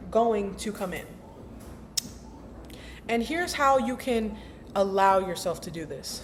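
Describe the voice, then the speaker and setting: Here the same kind of self-help vlogger, a young woman, speaks at a medium pitch with slight background noise behind her. Her casual motivational talk about mindset is chatty, emphatic and full of slang, and she acts out inner voices as she goes.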